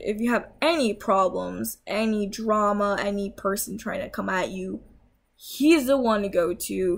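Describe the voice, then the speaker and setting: Rambling, tired young woman ranting. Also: medium pitch. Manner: rambling, with fillers and self-corrections. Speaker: YouTuber ranting. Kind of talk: casual unscripted rant. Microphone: laptop mic.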